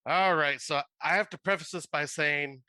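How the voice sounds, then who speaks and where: A man's voice: on the high side, normal speed, bright, forceful tone, no room sound. A man co-hosting a horror podcast, chatting easily and reading his own short story aloud. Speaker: podcast co-host.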